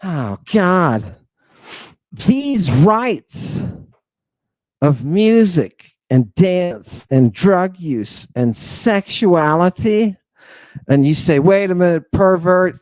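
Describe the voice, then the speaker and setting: A man giving a lecture over slides, emphatic and dramatic, constantly asking "right?" and swinging between hushed asides and loud outbursts. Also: on the high side, dry recording. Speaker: lecturer on ancient Greek language and ritual.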